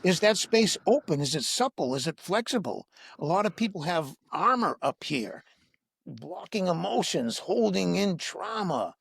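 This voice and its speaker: A man guiding listeners through a breath-awareness meditation in a slow, soothing, instructive way, asking repeated gentle questions. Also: sits high, gravelly. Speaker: breathwork teacher, podcast guest.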